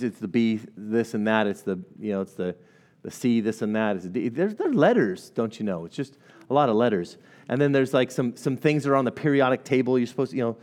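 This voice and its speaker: A middle-aged man preaching a Sunday sermon, animated and rambling, with playful asides and sudden swings in pitch. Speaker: pastor.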